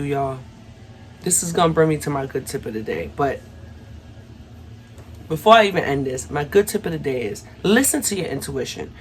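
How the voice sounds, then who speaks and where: A woman's voice: low-pitched, a little hiss or hum. A young adult woman telling a personal story to her viewers in a casual, chatty way, often calling them y'all. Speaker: vlogger.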